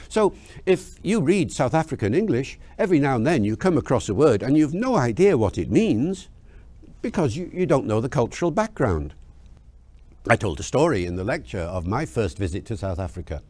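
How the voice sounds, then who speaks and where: A man explaining language change in an interview, telling lively anecdotes and asking rhetorical questions. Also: medium pitch, moderate pace, no room sound. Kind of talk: explanatory storytelling.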